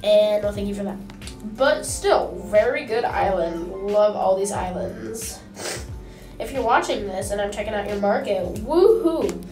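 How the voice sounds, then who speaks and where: A young woman hosting a casual gameplay vlog, chatty and gushing with excitement as she comments on what she sees. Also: medium pitch, a little slow, distant mic. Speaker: gaming channel host. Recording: echoey room, mic set back, music behind.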